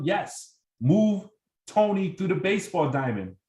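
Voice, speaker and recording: A man's voice: high voice, lively intonation, measured pace, reverberant, recorded from a distance, poor audio. A man leading a sales team training, coaching with energy and acting out sample phone calls. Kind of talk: motivational training talk.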